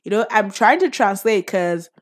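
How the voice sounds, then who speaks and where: A young Nigerian woman talks freely in a relaxed solo chat. She laughs often and drops into pidgin phrases. Her voice sits at an ordinary middle pitch. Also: normal speed. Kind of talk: casual solo talk.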